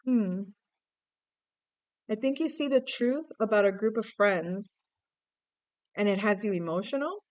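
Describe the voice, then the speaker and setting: A woman with a smooth, clear voice gives a casual tarot reading straight to her viewers. She muses and thinks aloud, restarting her sentences as feelings come up. The sound is dry and close. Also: mid-range voice, measured pace, pauses often, no echo. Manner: musing and emotive, thinking aloud with frequent restarts. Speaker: tarot reader.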